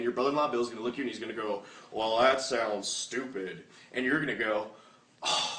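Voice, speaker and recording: Fast-talking man pitching to a room. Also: a bit bright. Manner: punchy, joking, fired-up delivery. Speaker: network marketing presenter. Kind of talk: motivational recruiting talk. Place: meeting room with a live audience. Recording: echoey room, distant mic, faint hiss.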